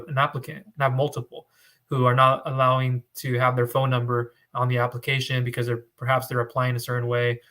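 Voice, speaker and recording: A man's voice: medium pitch, sharp tone. A man who works as a business loan broker, talking straight to his audience in an emphatic, repetitive, conversational way. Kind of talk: direct-to-camera advice talk.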